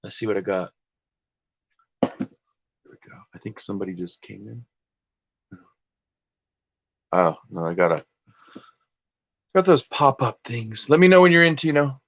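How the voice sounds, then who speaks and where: Guy rambling on his livestream, kinda low voice, laughs at himself, dry close sound. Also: measured pace, long pauses, dry recording, muffled recording. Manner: rambling, self-deprecating, chatty. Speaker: livestream host listing items for sale. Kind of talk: casual livestream chat. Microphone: desktop computer and phone.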